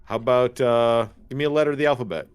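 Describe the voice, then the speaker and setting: A man's voice: medium pitch, fast talker, smooth, no room sound. A man chatting casually and teasing the other players. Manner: teasing, playful. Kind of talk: casual chat.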